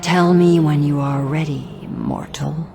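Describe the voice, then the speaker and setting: A woman voicing a solemn, immortal goddess in a game, who addresses a mortal in a slow, commanding manner. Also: deep voice, fairly even intonation, gravelly, warm tone, a little hiss or hum.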